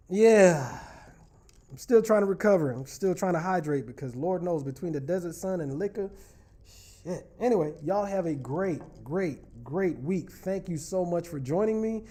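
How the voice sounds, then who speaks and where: He has a high voice with a darkish tone and hosts a relationship talk show. In a casual livestream chat he goes through viewer comments, teasing playfully and speaking directly to those watching.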